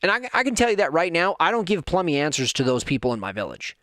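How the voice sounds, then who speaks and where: A man's voice: fairly high pitch, very animated, fast, a bit bright, dry recording, clean studio sound. A man hosting a podcast, talking candidly and earnestly in a personal monologue that builds to fired-up moments. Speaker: podcast host.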